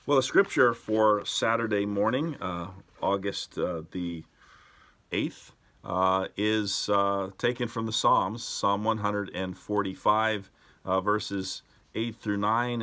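A man leading a daily devotional as pastor, telling stories calmly and unhurriedly with many small hesitations. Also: lowish voice. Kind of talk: devotional sermon.

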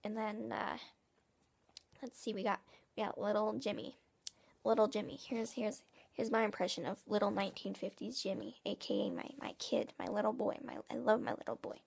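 A woman playing a smug, passive-aggressive 1950s family dad who rambles and restarts his sentences in a husky, half-whispered voice. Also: medium pitch. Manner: rambling, halting, with many restarts. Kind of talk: comic character monologue.

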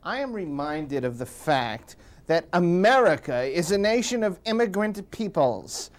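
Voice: medium pitch, very animated, a little slow. A performer playing an earnest liberal professor who gives formal, lecturing speeches in a TV comedy sketch.

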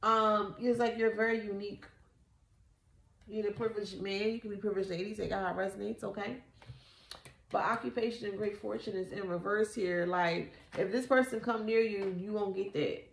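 A woman giving a casual tarot reading, animated and slangy, swearing often and repeating herself. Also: medium pitch, moderate pace, creaky, roomy sound, a little hiss or hum. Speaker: tarot reader.

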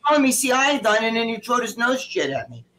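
Very high-voiced and fast, a middle-aged man guest co-hosts a live stream, casually telling stories. He's animated and profane, performing the quoted dialogue of others.

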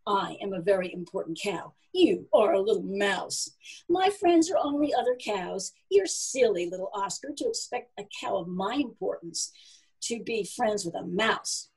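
A woman voicing a bossy, self-important female cow who speaks in a pompous, booming way in a storybook reading. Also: a little mellow, breathy edge, full character voice.

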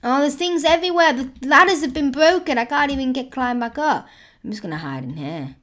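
A woman's voice: high voice, lively intonation, fairly quick, a bit bright. A woman commenting on her own gameplay, exclaiming and squealing at every surprise. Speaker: gaming YouTuber. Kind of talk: excited let's-play commentary.

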